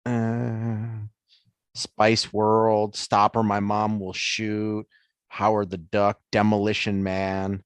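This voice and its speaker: A man's voice: lowish voice, monotone, slow pace, smooth, dry recording. A man co-hosting a sports podcast in casual chat, easygoing and hesitant, with many ums. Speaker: podcast co-host.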